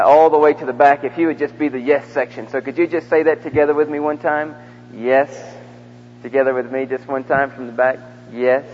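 A man's voice: on the high side, slight background noise. Man preaching call-and-response in echoey hall. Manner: animated, coaxing crowd call-and-response. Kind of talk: interactive sermon. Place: large church with balcony. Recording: dull echoey hall recording from the mic.

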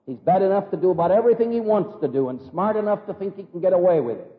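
A man preaching a sermon with animated storytelling and vivid examples. His voice is fairly high and rises and falls widely. The recording is thin and boxy, like a phone line, with a long hall reverb. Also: rapid-fire. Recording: echoey hall over tinny phone-like line.

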